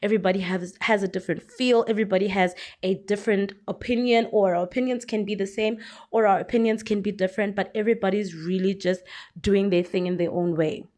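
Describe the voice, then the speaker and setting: A woman's voice: mid-range voice, steady tone, a little fast, a little mellow. A young South African woman giving frank, chatty commentary on a vlog. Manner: chatty, frank, lots of fillers and laughs. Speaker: YouTuber commentator.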